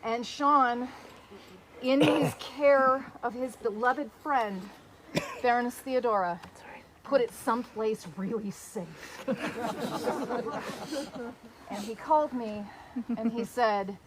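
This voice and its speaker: A middle-aged woman giving a formal, heartfelt ceremonial speech at a medieval-style court, speaking with deliberate pauses. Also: on the high side, noisy background. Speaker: court speaker presenting a medallion.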